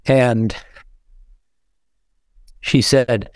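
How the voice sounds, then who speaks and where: A man's voice: mid-range voice, fairly even intonation, very slow, dry recording, clean studio sound. An older man from the United States, a podcast guest telling heartfelt stories in an earnest way. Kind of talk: interview storytelling.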